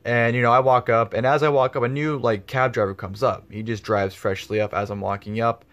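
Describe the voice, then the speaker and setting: A man's voice: mid-range voice, steady tone, a little fast, a bit bright, dull audio. A man telling a story in a casual vlog, rambling with lots of fillers and swearing freely. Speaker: vlogger.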